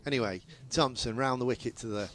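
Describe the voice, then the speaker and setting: A man's voice: on the low side, normal speed, fairly bright tone, a little hiss or hum. A man giving ball-by-ball radio cricket commentary, lifting his voice on boundaries and chatting easily between balls.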